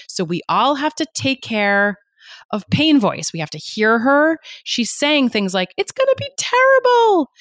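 A woman guest on a podcast, a pain psychologist explaining ideas in an energetic, emphatic way with lots of rhetorical questions. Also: lowish voice, no echo, clean studio sound.

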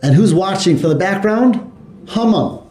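High-voiced man teaching a class. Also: moderate pace, echoey room. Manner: animated, asks the class questions, mixes Hebrew and Yiddish terms. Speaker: Torah teacher. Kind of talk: classroom lesson storytelling.

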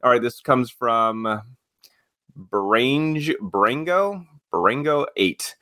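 A man's voice: medium pitch, lively intonation, extremely slow, sharp tone, dry recording, clean studio sound. A man co-hosting a podcast, eager and chummy in casual chat. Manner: eager, chummy, says dude. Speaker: podcast co-host.

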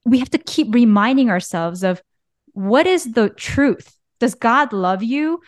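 A woman's voice: fairly high pitch, animated, measured pace, dry recording, studio quality. A woman co-hosting a casual faith podcast, earnest and a little teasing. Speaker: podcast co-host.

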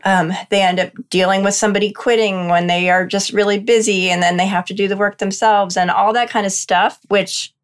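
A woman's voice: medium pitch, steady tone, fairly quick, few pauses. A middle-aged woman speaking as a podcast guest in a candid, thoughtful and slightly self-deprecating way. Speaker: podcast guest, freelance marketer. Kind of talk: casual podcast interview.

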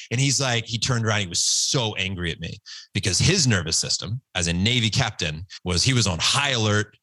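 Guest, male, 40s: emotional, earnest storyteller, bright forceful tone, dry close sound. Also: fairly low pitch, dry recording. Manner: emotional, earnest, acts out quotes. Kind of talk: candid personal storytelling.

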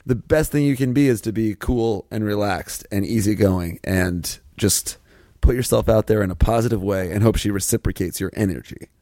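A man co-hosting a podcast in casual comedic chat, teasing his partner with deadpan jokes and frequent laughs. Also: lowish voice, moderate pace, no room sound, studio quality. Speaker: podcast co-host.

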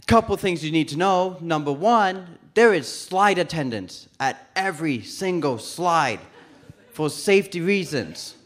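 High-voiced man telling a stand-up story. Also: unhurried. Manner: animated, acts out voices of people in the story. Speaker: stand-up comedian. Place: comedy club stage before a live audience.

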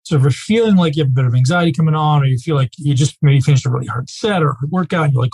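A man teaching a live group as a coach, speaking casually and emphatically, often checking in with a quick "right?". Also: a little high, darkish tone, breathy edge, poor audio.

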